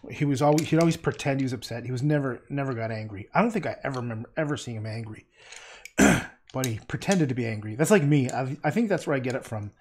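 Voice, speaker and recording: A man's voice: mid-range voice, fairly quick, noisy background. A man painting on a livestream, rambling and muttering to himself, tossing in playful nonsense words and casual swearing. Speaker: painter streaming live.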